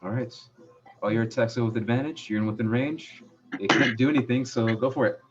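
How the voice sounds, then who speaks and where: A young man narrating as game master, describing scenes in a halting way with frequent fillers. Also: medium pitch, steady tone, heavy background noise. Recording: muffled lo-fi audio.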